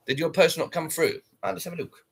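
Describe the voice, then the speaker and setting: A man's voice: on the high side, vocal fry, breathy edge. A man casually chatting on a livestream, reacting to viewer comments in a blunt, sweary way. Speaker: livestreamer reading chat.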